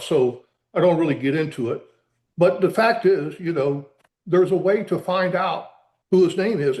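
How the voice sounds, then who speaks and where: A man being interviewed as an author, explaining earnestly in a halting way with many repeated words and restarts. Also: a little high, a little mellow, reverberant. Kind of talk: conversational interview.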